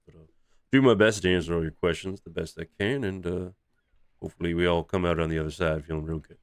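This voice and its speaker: A humble, polite old half-elven sea captain who hems and apologizes as he speaks, played by a game master. The voice is very low and recorded dry and close. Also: no room sound. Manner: hesitant, apologetic, full of uhs.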